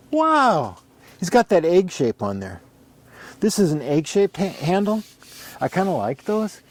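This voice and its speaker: In this casual workshop show-and-tell, a middle-aged man reviews an ax handle in a mid-range voice with a dark tone. He wanders from point to point, murmuring to himself as he counts and inspects, pointing out what he notices.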